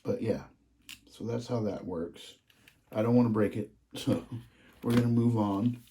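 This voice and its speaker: A man talks slowly through his model train collection, his voice mellow and dark. He gushes over each piece, now and then dropping into hushed, breathy asides. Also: fairly low pitch, a little hiss or hum. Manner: excited, gushing, trails off in hushed asides. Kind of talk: casual hobby vlog.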